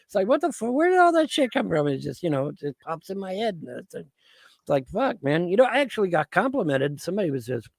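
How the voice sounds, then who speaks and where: A man's voice: high-pitched, sing-song, fast talker, vocal fry, dry recording. A man chatting on a live stream, rambling and swearing, laughing often as he talks. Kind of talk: casual live stream chat.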